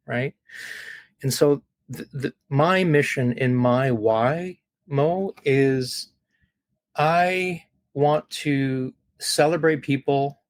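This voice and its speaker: Speaking at medium pitch with no room sound, this podcast guest shares stories earnestly and from the heart. He tends to repeat words and keeps asking "right?".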